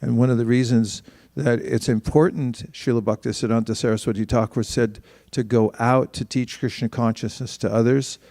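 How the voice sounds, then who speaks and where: A man's voice: medium pitch, fairly even intonation, moderate pace, creaky, few pauses, warm tone, no room sound, clean studio sound. A man giving a spiritual talk in a conversational way, often restarting his sentences and livening up for quoted asides.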